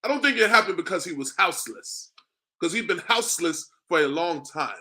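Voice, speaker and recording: A man with a high-pitched, pushed and bright voice speaks in an animated, fairly quick way while teaching a street-preaching class. His preaching manner features a barrage of rhetorical questions, repeated use of "man" for his listeners, and frequent chuckling.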